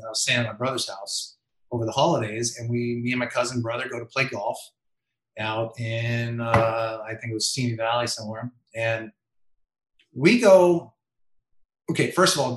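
Male guest, anecdote teller, bright voice, roomy sound. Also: mid-range voice, moderate pace, slight background noise. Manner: animated, acts out quotes with raised voice. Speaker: MLB umpire guest. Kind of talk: storytelling in interview.

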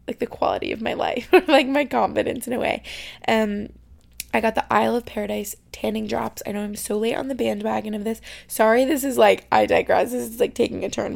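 Young woman podcasting from her bedroom, chatty, lots of "like", vocal fry, voice a bit high. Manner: chatty, uses "like" constantly, drifts into soft near-whispers. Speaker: podcast host. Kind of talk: casual solo podcast chat.

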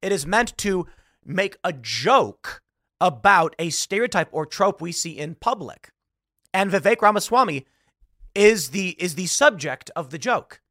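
Male host, political commentary, animated, high voice, bright tone. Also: a little slow, dry recording, studio quality. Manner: animated, laughs while reading jokes aloud.

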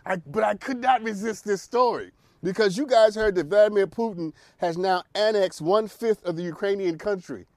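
A man's voice: high-pitched, normal speed, no room sound, studio quality. A man hosting a talk show, delivering an opinionated monologue full of emphatic rhetorical questions and repeated phrases. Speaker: radio show host.

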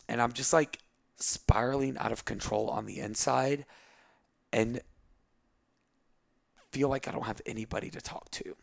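Guy in his 30s, gravelly voice, rambly, says like a lot, dry close sound. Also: on the low side, dry recording. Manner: rambling, filler-heavy with frequent 'like'. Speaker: guest. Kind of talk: candid personal storytelling.

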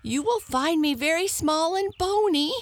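Casting note: tiny quick-witted hare, squeaky and fast, lively swoops, put on by a woman narrator. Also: no room sound. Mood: pleading. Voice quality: high squeaky voice. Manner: fast, excited, pleading. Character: small timid quick-witted female hare.

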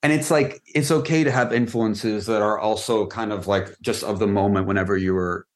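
Low-voiced man chatting loosely. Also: normal speed. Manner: relaxed, rambling, frequent "like" fillers. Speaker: film and music video director, guest. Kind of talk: casual podcast conversation.

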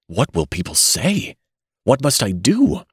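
A man's voice: on the low side, huge pitch swings, a little slow, slightly rough, no room sound, clean studio sound, voice pushed up, full character voice. A man voicing a frantic, flustered middle-aged father, speaking in a nervous, rattled way. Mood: despairing.

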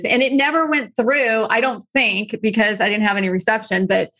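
A woman's voice: fairly high pitch, fairly quick, few pauses. A woman being interviewed as a reality TV guest, telling her story candidly and emotionally and often acting out what others said. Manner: candid, emotional, quotes others in lively voices.

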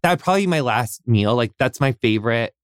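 A man's voice: medium pitch, expressive, fast talker, smooth, no echo, studio quality. An American man hosting a podcast interview, gushing and effusive, full of fillers and casual swearing. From United States. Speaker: podcast host.

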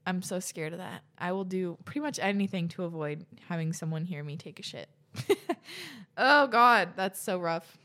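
A woman's voice: lowish voice, normal speed, bright, forceful tone. A young woman host reading listeners' stories aloud and reacting between them, chatty and laughing often, swearing casually.

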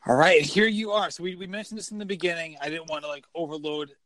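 A man hosting a podcast, asking questions in a relaxed, chatty way. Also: on the high side, fast, no room sound. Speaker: podcast host. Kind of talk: casual interview.

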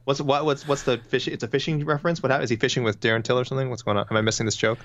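A man's voice: medium pitch, fairly even intonation, very fast, fairly bright tone, lo-fi sound. A man co-hosting a podcast in casual chat, reading out listener comments and rambling between them.

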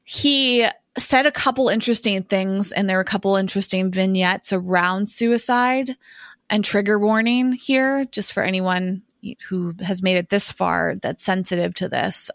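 A woman's voice: medium pitch, normal speed, fairly bright tone, dry recording, studio quality. Thoughtful woman podcast co-host. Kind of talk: casual conversation.

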